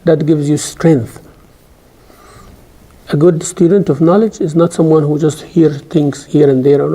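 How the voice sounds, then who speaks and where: Middle-aged lecturer, dark gravelly voice, emphatic classroom delivery. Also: male voice, on the high side, fairly even intonation. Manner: emphatic, rising sharply when stressing points; recites scripture in rapid chant. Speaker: Islamic studies teacher.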